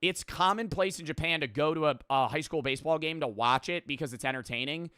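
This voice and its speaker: A man's voice: a little high, brisk, bright, forceful tone, smooth, no room sound, studio quality. A man streaming and reacting to a video in casual, profane, rambling talk with lots of fillers.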